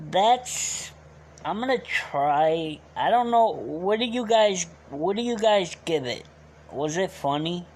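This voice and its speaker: A man chats slowly and loosely with his live-stream viewers, asking them to rate his act. His throat is sore from straining it. A faint hiss sits under the recording. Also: high-pitched, animated. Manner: loose and chatty, asks viewers to rate him. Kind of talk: casual chat with stream viewers.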